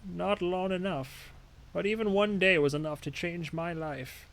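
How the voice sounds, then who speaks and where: A man voicing a frail, forgetful old male widower, speaking slowly and haltingly. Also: high-pitched, steady tone, creaky, fairly bright tone, full character voice. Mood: wistful. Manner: slow, halting and wistful.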